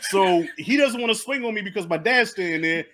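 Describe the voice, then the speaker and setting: A man hosting a casual podcast chat, an animated storyteller who acts out the voices of people in his stories. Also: high-pitched, a little fast. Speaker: host.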